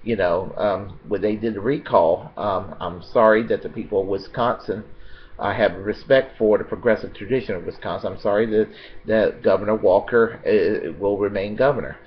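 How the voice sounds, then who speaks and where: An American man giving a rambling, unscripted political monologue, halting with many fillers and restarts and blunt with profanity. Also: on the low side, highs cut off, a little hiss or hum. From United States.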